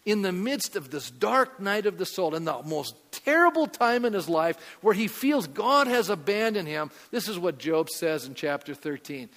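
A man's voice: high-pitched, expressive, normal speed, hardly any pauses, fairly bright tone, big-room sound. A male pastor preaching a conversational sermon, often asking the congregation questions.

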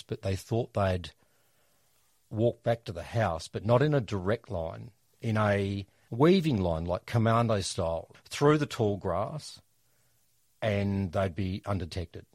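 A middle-aged Australian man telling funny family stories in a casual, animated way. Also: on the low side, measured pace, no echo, clean studio sound. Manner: animated, jokey storyteller. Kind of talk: casual storytelling chat.

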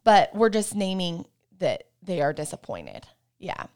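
A woman's voice: on the low side, very animated, measured pace, darkish tone, smooth. A woman guest explaining parenting with a faith angle, easygoing and affirming, with frequent agreeing murmurs. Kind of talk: casual faith-based parenting chat.

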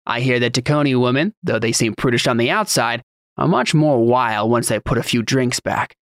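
A man's voice: medium pitch, moderate pace, a bit bright, dry recording, studio quality, close to an everyday voice. A man voicing a sneering, bullying male laborer in a mocking, taunting drawl for an audiobook.

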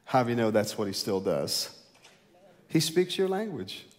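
A male pastor preaching a sermon, rising loud and high to stress a point, then dropping low and slow. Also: sing-song. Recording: long hall reverb.

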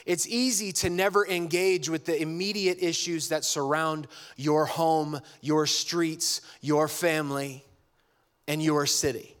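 Animated male pastor preaching a sermon. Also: a little high, unhurried, clean tone. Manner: conversational and animated, jokes and acts out dialogue.

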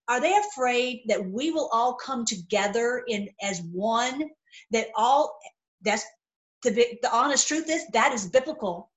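A middle-aged woman with a high, somewhat bright voice gives a heated, impassioned opinion monologue as a video commentator. She keeps restarting her thoughts repetitively, and the recording quality is poor.

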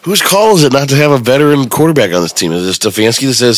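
A man's voice: medium pitch, animated, fast talker, no echo, poor audio. A man co-hosting a sports podcast, asking exasperated rhetorical questions about his team. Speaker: podcast co-host. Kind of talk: casual sports talk.

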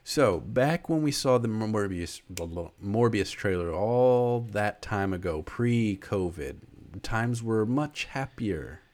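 A man's voice: fairly low pitch, lively intonation, slow, few pauses, a little mellow. Profane casual man chatting about movies. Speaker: podcast co-host. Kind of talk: casual chat.

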